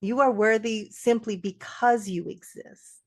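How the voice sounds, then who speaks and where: A woman's voice: a little high, fairly even intonation, measured pace. A woman co-hosting a podcast, talking in an emphatic, candid way and often laughing between points. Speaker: podcast co-host. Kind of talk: casual podcast conversation.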